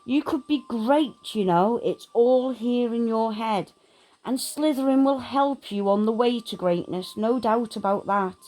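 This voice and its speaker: A woman putting on a slow, musing magic hat. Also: on the high side, dark tone, voice pushed up, close to an everyday voice. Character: old talking magic hat, musing and sly. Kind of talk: storybook reading.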